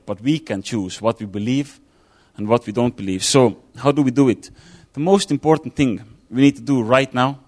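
A man giving an informal sermon, talking it through casually with fillers and restarts. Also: mid-range voice. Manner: conversational, thinking aloud with fillers and restarts. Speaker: preacher.

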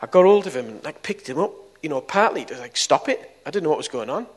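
Preacher telling a testimony. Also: male voice, fairly high pitch, expressive, fast talker, slightly rough. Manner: storytelling, swings from soft to loud. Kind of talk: testimony sermon.

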